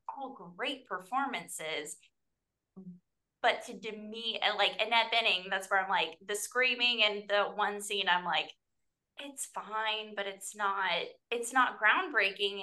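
Bright-voiced rambling woman panelist. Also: medium pitch. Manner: animated and rambling, heavy on "like". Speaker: film discussion panelist. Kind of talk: casual panel chat.

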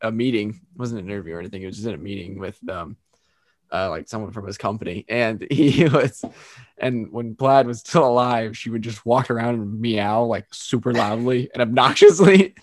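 A young man in casual chat, relaxed, laughing often and trailing off with fillers. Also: mid-range voice, dry recording, studio quality.

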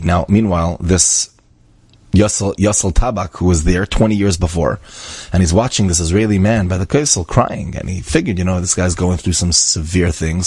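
A man with a low, husky voice tells an inspirational story, acting out each character and sprinkling in Hebrew and Yiddish words. The recording is close and dry, with no room sound. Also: no echo. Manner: animated, acts out quoted voices, drops in Hebrew and Yiddish words.

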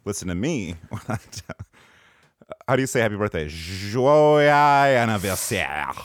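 A man co-hosting a podcast in casual, joking banter, heard through slightly lower-quality video call audio. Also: very animated, measured pace, dry recording. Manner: joking, playful, laughs often. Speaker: podcast co-host.

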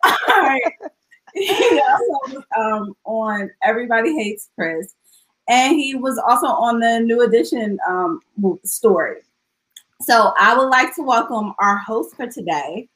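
A woman's voice: on the high side, lively intonation, slow, a bit bright, poor audio. A woman hosting a casual chat show and introducing her guest in a chatty way. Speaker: podcast host.

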